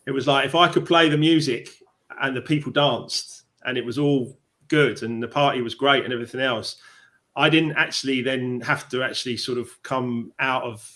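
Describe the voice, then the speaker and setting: A man's voice: mid-range voice, steady tone, normal speed, sharp tone. A man with a London Cockney accent hosting a live stream chat as a success coach, rambling with many fillers and restarts over a video call.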